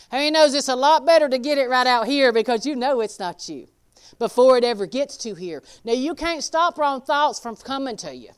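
A woman preaching a sermon in a folksy, emphatic way, swinging between loud exclaiming and quiet asides. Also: a little high, smooth.

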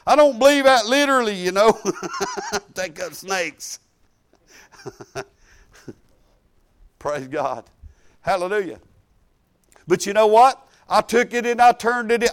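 A woman's voice: on the high side, smooth. A woman pastor, preaching a folksy, emphatic sermon full of hallelujahs.

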